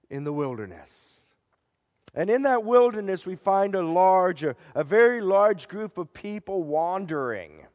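A man preaching a dramatic storytelling sermon, swinging between loud declarations and hushed, low passages. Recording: long reverb of a large hall.

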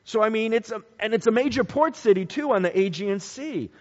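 Guy preaching a sermon, high lively voice, dull lo-fi sound with long hall reverb. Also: brisk. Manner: animated preaching with emphatic repetition. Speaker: pastor.

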